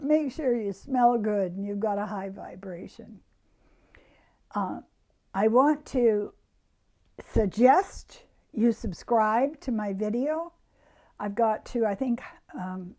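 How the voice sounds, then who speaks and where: A woman giving a reflective self-help talk to her viewers, soft-spoken and often dropping to a hushed near-whisper. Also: on the high side.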